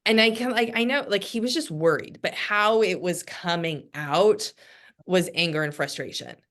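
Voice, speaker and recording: A woman leading a casual book discussion over a video call, talking in an even, measured way with frequent ums. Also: fairly low pitch. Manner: even-tempered, many ums.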